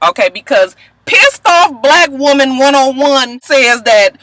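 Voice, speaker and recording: A young woman rants through a reality TV recap, salty and animated. Her voice is bright and forceful, recorded close in a dry room. She slips into mock voices to quote the cast. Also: high voice, a little slow, no echo. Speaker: TV recap vlogger. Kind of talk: casual profane reality TV recap.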